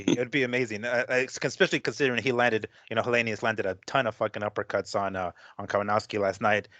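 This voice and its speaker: A man chatting on a casual podcast, laughing and quick to talk. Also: lowish voice, fairly bright tone, dry recording.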